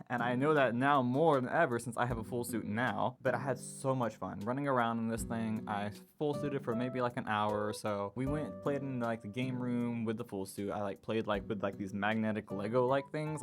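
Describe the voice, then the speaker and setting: Young man telling a story over guitar music. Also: medium pitch. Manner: animated retelling, acts out quotes in a raised voice. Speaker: vlogger. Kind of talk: casual storytelling. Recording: guitar music playing behind.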